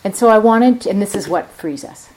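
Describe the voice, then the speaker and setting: A woman's voice: mid-range voice, lively intonation, fairly quick, a little mellow. A woman meditation teacher giving a reflective dharma talk at a retreat center, thinking aloud as she explains.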